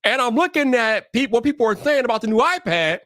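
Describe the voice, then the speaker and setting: A man's voice: very high-pitched, expressive, a little fast, fairly bright tone, no room sound, studio quality. A man hosting a casual tech livestream, joking and slangy like a hype man as he greets viewers and chats about gadgets. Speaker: livestream host. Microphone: streaming setup mic.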